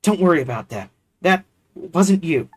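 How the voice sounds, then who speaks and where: A man's voice: a little high, expressive, moderate pace, a little mellow, slightly rough, faint music behind, voice pushed up. A man voicing an earnest, caring young woman in a game read-through, speaking in a reassuring way.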